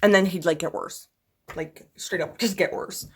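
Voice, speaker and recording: A woman's voice: lowish voice, normal speed, slightly rough. A young woman vlogging in casual chat. She vents bluntly and profanely, rambling with constant fillers. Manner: venting, exasperated.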